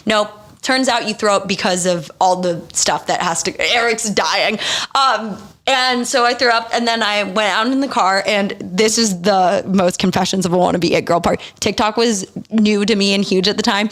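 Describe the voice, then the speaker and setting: A woman's voice: mid-range voice, a bit bright. A young adult woman hosting a podcast, telling a personal story in a candid, profane, casual way. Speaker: podcast host. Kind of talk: casual confessional chat.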